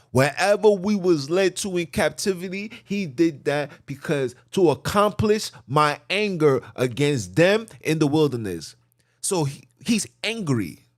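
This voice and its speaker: A man hosting a podcast, giving a preacherly religious teaching in casual slang, repeating phrases and swinging from loud emphasis to quiet muttering. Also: fairly high pitch, no echo, studio quality. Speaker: podcast host.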